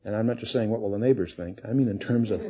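A man's voice: fairly low pitch, fast talker, heavy background noise. A man giving a conversational expository Bible teaching, asking his listeners questions as he reads through the passage. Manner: conversational, asks the audience questions. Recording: dull lo-fi recording.

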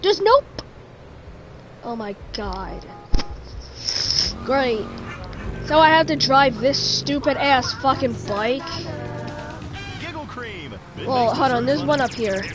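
A woman's voice: high voice, slow pace, long pauses, over music. A young woman giving live commentary while playing a video game, chatting with viewers and swearing in frustration.

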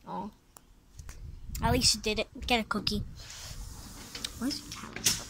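A woman's voice: mid-range voice, measured pace, pauses often, breathy edge, rough recording. A woman vlogging a casual tour of her home, rambling and offhand, chatting to her pets along the way. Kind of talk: casual house-tour vlog. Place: at home, indoors. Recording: loud background noise.

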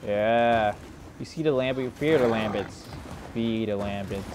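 A young man giving live commentary over his own gameplay, grumbling, swearing at teammates and putting himself down, with mumbled asides that break into sudden shouts. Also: lowish voice, unhurried, noisy background. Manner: frustrated, self-deprecating, swears and mutters at teammates. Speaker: gaming YouTuber.

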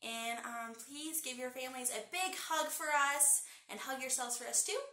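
A woman's voice: sits high, moderate pace, sharp tone, echoey room. A young woman reading a picture book aloud to schoolchildren, cheerful and talking to them directly. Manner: cheerful, speaks to kids directly. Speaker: school staff reading to pupils. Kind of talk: storybook read-aloud for children.

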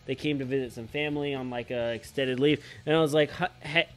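A man's voice: mid-range voice, steady tone, quick pace, faint music behind. A young man co-hosting a casual podcast chat, rambling and joking with lots of fillers. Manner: rambling, filler-heavy, jokey. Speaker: podcast co-host.

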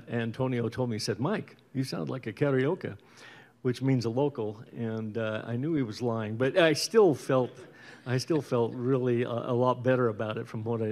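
Middle-aged man, bandleader, casual concert banter, rambling, lots of filler pauses, medium pitch. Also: darkish tone. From Utah, USA. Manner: easygoing and rambling, with many "uh"s and restarts. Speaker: bandleader and guitarist. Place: indoor concert stage.

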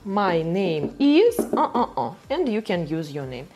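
A woman teaching a beginner language class, patient and repetitive, often checking understanding with "right?" as she repeats words slowly. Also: on the low side, sing-song, music in the background.

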